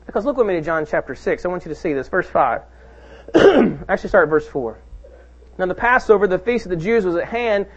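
A man's voice: high voice, lively intonation, brisk, highs cut off. A male pastor preaching a sermon, emphatic and calling out to his congregation.

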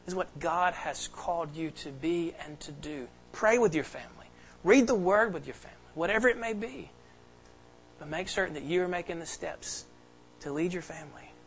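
A man's voice: on the high side, a bit bright, rough recording. A pastor giving an earnest, emphatic sermon to his congregation in a church. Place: church sanctuary.

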